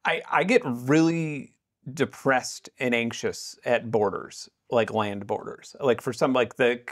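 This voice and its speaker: A man who hosts a podcast and asks questions haltingly, with many restarts and fillers. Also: medium pitch. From United States. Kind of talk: casual podcast chat.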